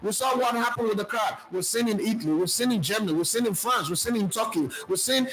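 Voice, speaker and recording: Young Nigerian-accented man, high voice, football live-stream host, emphatic and argumentative. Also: fast talker, fairly bright tone, low-quality recording. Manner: emphatic, argumentative, slips into pidgin. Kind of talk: live-stream football talk and comment reading.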